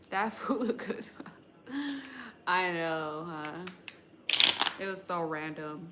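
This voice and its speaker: Slight background noise sits behind a tarot livestream host, a woman from the US West Coast whose lowish voice is expressive and measured in pace. She chats loosely with her viewers, rambling in slang and swearing without a second thought.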